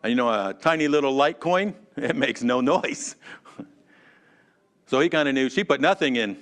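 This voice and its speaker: A man teaching a Sunday school class in a church, chatty and animated, calling on class members by name. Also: medium pitch, moderate pace. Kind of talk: conversational sermon.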